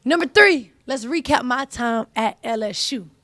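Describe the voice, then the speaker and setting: A woman's voice: a little high, animated, moderate pace, a bit bright, no echo. A young woman, hosting a casual chat, talking animatedly in slang and repeating herself. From US South (Atlanta). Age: young adult. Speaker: host, college athlete.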